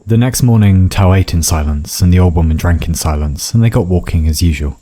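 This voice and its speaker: A man's voice: deep voice, fairly quick, warm tone, slight background noise. A man narrating a scripted fantasy story in a wry, dramatic way. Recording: faint background music.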